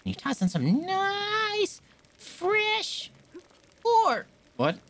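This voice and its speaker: A woman voicing a fussy, proud young woman cook in a video game, reading her lines aloud in a high, chirpy, indignant voice. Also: wildly swooping pitch, drawn-out words, a bit bright, exaggerated voice.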